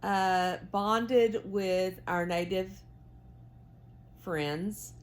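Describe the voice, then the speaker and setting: A woman's voice: medium pitch, steady tone, extremely slow. A woman with a Southern US accent, chatting in a rambling, folksy way to her viewers while she knits. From United States. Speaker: knitting vlogger. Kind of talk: casual chat while knitting.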